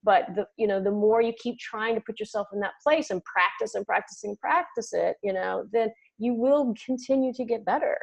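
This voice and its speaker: Fast-talking earnest woman guest. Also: medium pitch, vocal fry, low-quality recording. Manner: earnest, encouraging, fillers of "you know". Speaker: guest coach. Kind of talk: casual conversation.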